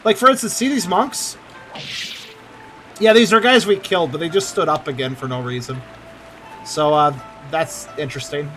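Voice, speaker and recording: Male gamer, casual let's-play commentary, high voice, bright tone. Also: normal speed, long pauses, soft background music. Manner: chatty, swears, laughs easily.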